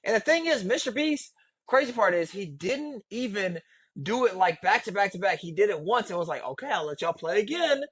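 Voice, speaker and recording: A man co-hosting a casual reaction podcast, talking in an animated, slangy way, his voice jumping up when he is exasperated. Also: high voice, normal speed, husky, dry recording. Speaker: podcast co-host.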